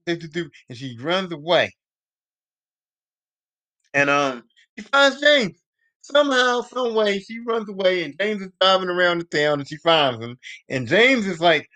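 High-pitched male podcast host, casual, cussing recap. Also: animated, moderate pace, sharp tone. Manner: profane, rambling slang.

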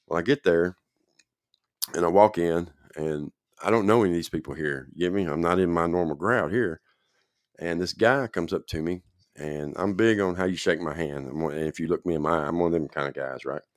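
Man, very deep voice, casual storytelling, rambling, dry close sound. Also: a little fast, dry recording. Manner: rambling, checks in with the listener often. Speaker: guest telling his recovery story.

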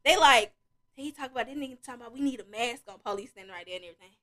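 Racing along in a fairly high voice, a young woman on her podcast recounts a wild story in profane, casual talk. She's animated and often laughing as she plays out the others' lines, voices, and beats.

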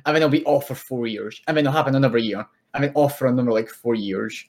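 A man co-hosting a casual podcast, jokey and quick to laugh. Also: mid-range voice, a little mellow. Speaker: podcast co-host.

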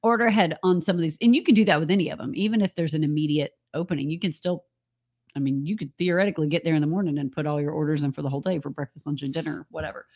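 A woman's voice: low voice, very fast, darkish tone. A woman co-hosting a live stream, chatting and telling stories, laughing often. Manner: chatty storyteller, laughs often, says y'all. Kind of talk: casual chat.

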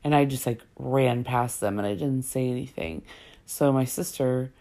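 A woman with an unusually deep voice and a gravelly fry, talking in a loose, rambling way. She fills her sentences with "like" and "um" as she tells a personal story. Her tone stays dark and mellow. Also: normal speed. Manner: chatty, rambling, full of "like" and "um" fillers.

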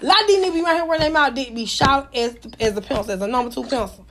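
A young woman tells raunchy stories in a brash, mocking voice. She sits high in her range, swears freely and keeps laughing at her own jokes. A faint hiss runs under the recording. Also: racing, a bit bright. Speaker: storyteller. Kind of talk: casual raunchy storytelling.

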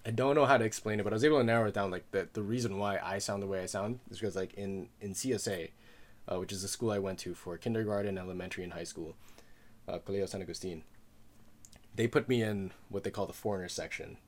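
Laid-back, low-voiced man swapping stories. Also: fairly even intonation, fast talker, a little mellow. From Philippines. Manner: loose and profane, heavy filler words, laughs often. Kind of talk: casual chat.

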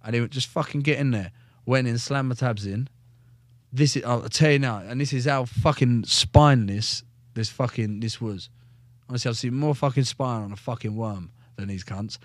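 A man's voice: medium pitch, moderate pace, no echo, clean studio sound. A young man, a former soldier, telling his story in a casual podcast chat, blunt and full of swearing. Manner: blunt, heavy swearing, animated retelling.

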